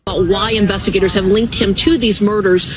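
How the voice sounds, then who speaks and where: A woman reporting a news story in a brisk, informative way. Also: medium pitch, steady tone, a crowd in the background. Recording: played clip with clear background noise.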